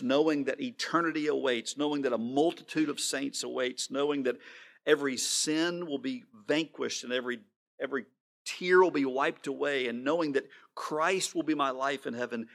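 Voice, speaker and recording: A male pastor delivering a sermon in an earnest way, slowing down to stress his words and now and then repeating himself. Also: medium pitch, fairly bright tone.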